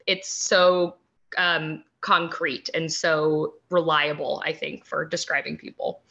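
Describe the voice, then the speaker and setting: A woman guest on a podcast, explaining things in casual chat with many pauses and ums. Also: low voice, level tone, creaky, sharp tone, lo-fi sound.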